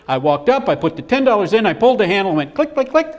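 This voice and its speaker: A middle-aged man speaking at a business seminar in a fairly high voice. His pitch moves a great deal as he tells his stories and acts out the people in them. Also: quick pace. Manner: animated storyteller acting out quotes. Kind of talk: live seminar presentation.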